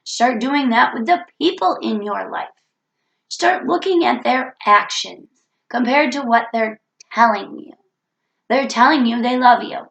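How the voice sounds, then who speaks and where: A woman's voice: fairly high pitch, a little slow, vocal fry, fairly bright tone, echoey room, highs cut off. A woman with a cold talking earnestly into the camera in a reflective self-help vlog, repeating her key points. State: has a cold. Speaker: vlogger.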